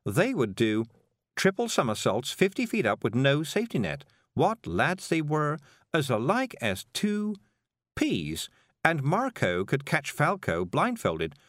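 A gentle, chatty witch lady, as a man puts her on in a storybook, cheerful and rambling with a lilting, lively voice. The recording is dry and close. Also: a little high, a little slow, no echo, pitched above the performer's own voice, exaggerated voice. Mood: reminiscing. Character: kindly middle-aged female witch, gentle and chatty.

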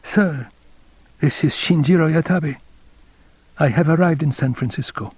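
A man's voice: on the high side, measured pace, a little mellow, breathy edge, pitched above the performer's own voice. A man doing a faint, dry, rustling-voiced visitor. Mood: polite, quiet. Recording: dull dry lo-fi recording.

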